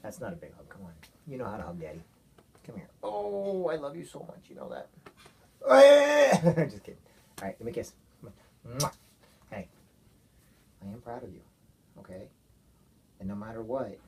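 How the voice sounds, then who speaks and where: A father giving his young daughter an earnest, gentle talk, often checking with "okay?". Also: fairly low pitch, a little hiss or hum. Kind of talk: heartfelt talk to his child.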